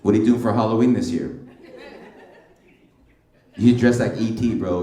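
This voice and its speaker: A man's voice: on the low side, normal speed, long pauses, dark tone. A middle-aged male stand-up comedian doing brash, teasing crowd work with plenty of slang. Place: comedy club stage. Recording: roomy club sound from a distance. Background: audience laughter.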